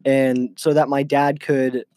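A man's voice: medium pitch, little pitch movement, slow pace, darkish tone. A young man telling a long, rambling childhood story among friends, with lots of fillers and restarts. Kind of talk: casual chat among friends.

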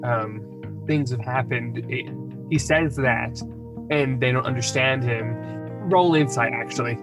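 A man running a tabletop game as game master, narrating in a hesitant way with many restarts. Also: mid-range voice.

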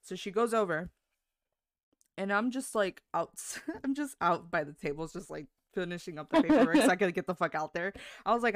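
Smooth-voiced rambling storyteller, dry sound. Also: medium pitch, lively intonation, a little fast, no room sound. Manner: rambling, many fillers and self-corrections; swears casually. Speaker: podcast co-host. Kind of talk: casual storytelling.

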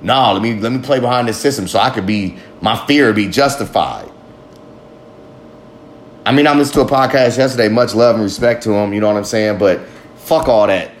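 A man's voice: lowish voice, brisk, slight background noise. A man hosting a podcast, talking in a rambling, profane, emphatic monologue. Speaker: podcast host. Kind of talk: casual monologue.

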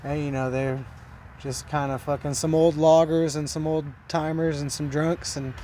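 A man with a rather high voice tells a story as a guest on a podcast. He talks in a casual, animated and rambling way, swearing often. A faint noise sits under the voice. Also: normal speed.

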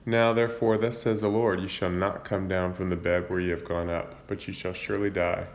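A man's voice: deep voice, little pitch movement, fairly quick. A man casually retelling a Bible book in his own words, with fillers and self-corrections. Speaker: Bible reader retelling scripture. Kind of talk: casual Bible summary and commentary.

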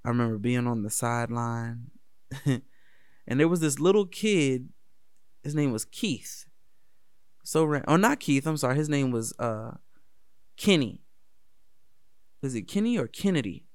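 Gravelly laid-back man from D.C. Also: medium pitch, animated, a little slow, pauses often, darkish tone, dry recording, studio quality. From Washington, D.C. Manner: laid-back, profane, laughs often. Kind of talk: casual personal storytelling.

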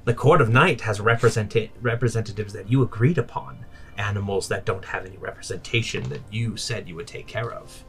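A man voicing a sly, pushy old witch with a shrill voice in a tabletop game. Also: brisk, a bit bright. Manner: wheedling, falsely apologetic.

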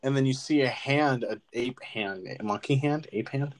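A man's voice: medium pitch, moderate pace. Profane young man rambling about a movie. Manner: profane, rambling, animated retelling. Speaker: podcast co-host. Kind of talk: casual movie-review chat.

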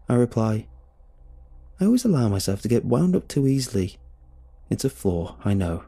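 Husky man telling horror. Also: on the low side, lively intonation, normal speed, warm tone. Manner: dramatic, tense. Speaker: narrator. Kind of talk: horror story narration. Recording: faint music behind.

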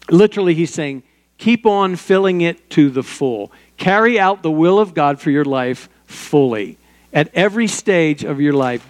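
A man's voice: a little high, a little mellow, in a large hall. An older man preaching a sermon as pastor, in a conversational way with personal stories and small asides.

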